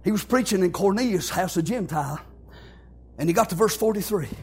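A middle-aged preacher with a very high, gravelly voice and a husky edge. He tells stories in a fervent sermon style and keeps breaking in with "amen" and "thank God". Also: animated, a little fast. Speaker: pastor. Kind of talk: sermon with storytelling.

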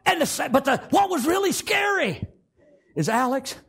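A man preaching an emotional sermon in folksy rural grammar. He swings from loud pleading to hushed tones. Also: very high-pitched, sing-song, moderate pace, vocal fry.

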